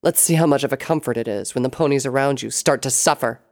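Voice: medium pitch, darkish tone, close to an everyday voice. A reader doing a cold, taunting soldier mare. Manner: curt, taunting, measured. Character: cold, disciplined armored female winged soldier.

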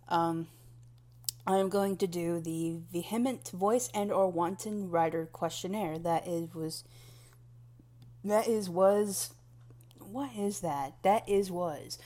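A woman's voice: lowish voice, steady tone, slow pace, dark tone. A young woman rambling casually through a questionnaire, meandering and self-deprecating, often restarting her sentences.

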